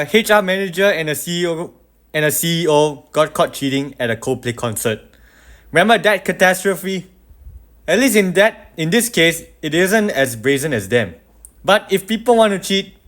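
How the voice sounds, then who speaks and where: A man reacting to a clip in a measured, reflective commentary style. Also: fairly high pitch, lively intonation, a bit bright.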